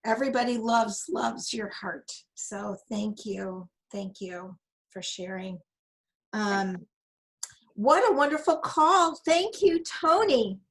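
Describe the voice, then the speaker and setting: A woman's voice: on the high side, lively intonation, takes it slowly, a bit bright, rough recording. Upbeat woman hosting a video call. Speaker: meeting host.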